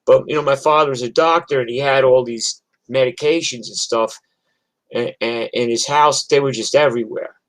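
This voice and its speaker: A man in his sixties, a musician, telling a rambling personal story on a livestream, swearing and often dropping to a quiet mumble. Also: steady tone, normal speed, rough recording. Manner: rambling, profane, often trailing off into a low voice.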